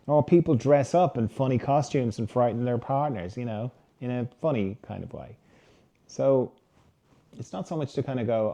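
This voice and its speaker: A man hosting a reflective solo talk, speaking gently and conversationally and sometimes acting out the inner voices of his listeners. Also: mid-range voice, moderate pace. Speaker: host.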